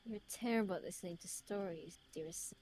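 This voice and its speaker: A woman's voice: fairly low pitch, brisk, darkish tone, a little hiss or hum, natural voice. A woman reading the lines of a smug, teasing otherworldly young man from a story game aloud, in a put-on British accent.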